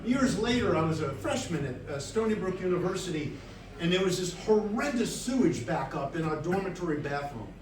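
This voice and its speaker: A middle-aged man telling a comic personal story on stage, wry and animated, with the audience laughing. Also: sits high, brisk. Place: stage before a live audience. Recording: echoey room, distant mic, audience.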